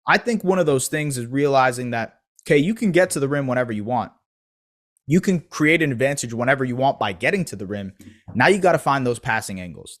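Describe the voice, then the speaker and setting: A man recapping a basketball game alone, talking in a loose, analytical, casual way. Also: medium pitch. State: eating pizza while talking. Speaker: basketball podcast host. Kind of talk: solo game recap commentary.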